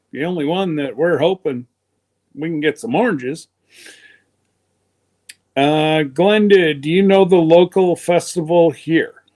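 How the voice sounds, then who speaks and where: Slow, lively, rambling male host. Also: fairly high pitch. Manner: rambling, chatty, teasing. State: congested from pneumonia. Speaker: livestream host. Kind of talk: casual chat.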